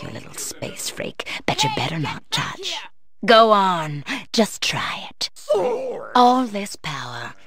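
A woman's voice: medium pitch, sharp tone. An actress voicing a power-hungry, feisty woman in a video game who hisses taunts. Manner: hissing, taunting. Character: power-hungry female agent, feisty and scheming.

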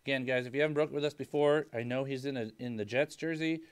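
A young man hosting a casual live-stream card break, hyping each card with loud call-outs of player names. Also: medium pitch, steady tone, fast talker, smooth.

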